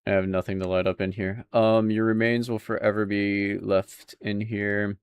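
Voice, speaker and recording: A man's voice: lowish voice, little pitch movement, moderate pace, clean tone. A young man chatting casually with his viewers while playing a game, laid-back and laughing often. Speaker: streamer. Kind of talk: casual gameplay commentary.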